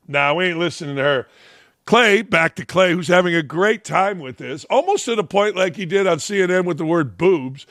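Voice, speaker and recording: A brash man hosting a sports talk show, his voice pitched high and bright. He mocks and jokes through his opinionated commentary, close and dry on the mic. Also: normal speed, no room sound. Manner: brash and mocking, animated.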